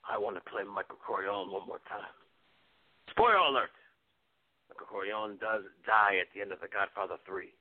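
A man impersonating an excitable aging male movie star, with a husky voice that erupts into shouted exclamations. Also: fairly low pitch, fast talker, few pauses, natural voice. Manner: bursts into sudden shouted exclamations. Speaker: guest impressionist. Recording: tinny phone line.

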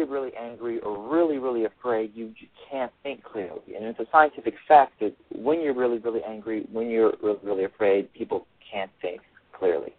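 A man's voice: medium pitch, no room sound. A male author giving a radio interview over the phone, earnest and repeating his phrases as he explains. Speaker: author and guest. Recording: tinny phone line.

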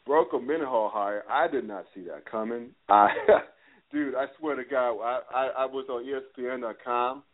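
Casual male host, phone-quality audio, loose and excitable, lots of filler. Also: medium pitch, moderate pace. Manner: chatty, laughs and says "dude", stumbles on words. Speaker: podcast host. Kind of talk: casual podcast chat. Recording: phone-like line.

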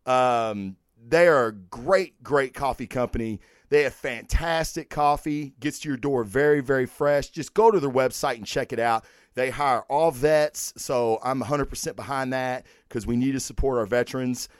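A man's voice: mid-range voice, moderate pace, hardly any pauses, smooth, dry recording, studio quality. A man hosting a podcast, talking casually and profanely through sponsor plugs and giveaway news in emphatic bursts. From United States. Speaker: podcast host.

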